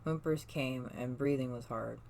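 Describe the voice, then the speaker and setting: Soft fan fiction reader, small slips. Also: medium pitch, fairly even intonation, normal speed, vocal fry, slight background noise, low-quality recording. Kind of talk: reading a second-person fan story aloud.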